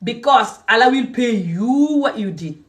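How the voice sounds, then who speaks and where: A woman's voice: a little high, expressive, unhurried. Scolding woman ranting at a distance. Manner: scolding and confrontational, repeating points. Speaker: social media commentator. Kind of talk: angry vlog rant.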